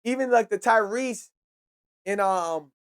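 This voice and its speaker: A man who hosts a hip-hop podcast speaks in a high, slow, smooth voice. He's casual and profane, offers heated opinions, and often trails off before restarting his sentences.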